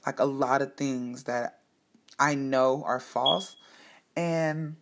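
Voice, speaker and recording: A woman's voice: a bass voice, steady tone, takes it slowly. Woman, host talking to viewers, heartfelt, emphatic, frank, personal storytelling. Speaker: host speaking to her audience. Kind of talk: candid personal monologue.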